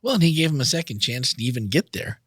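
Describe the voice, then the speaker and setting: A man's voice: mid-range voice, sing-song, fast, a bit bright, breathy edge, no echo. Chatty man in a discussion, dry sound. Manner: chatty, laughs, adds short remarks. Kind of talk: casual discussion.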